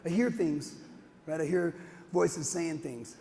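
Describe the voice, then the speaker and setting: A man quoting a quiet, gruff friend who remembers funny movie scenes. He speaks in a low, halting mumble. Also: long reverb tail.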